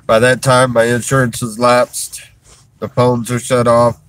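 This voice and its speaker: A man talking to viewers on a livestream, halting and strained, restarting his sentences and sighing, from a parked vehicle in a store parking lot. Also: medium pitch, completely flat delivery, a bit bright. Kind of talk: emotional livestream talk to viewers.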